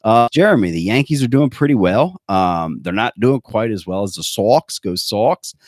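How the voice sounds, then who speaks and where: A man's voice: fairly low pitch, lively intonation, moderate pace, no room sound, studio quality. A man hosting a podcast in casual chat, rambling and joking, with lots of fillers and restarts. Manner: rambling, joking, self-correcting with many fillers. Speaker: podcast host.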